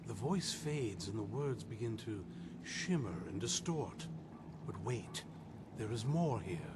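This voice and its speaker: An actor playing an old male scholar priest in a video game, speaking in a measured, formal and grave way. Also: on the low side, sing-song. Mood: solemn. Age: older. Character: old male scholar priest reading ancient scroll, solemn. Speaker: game character. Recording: game audio over loud noise.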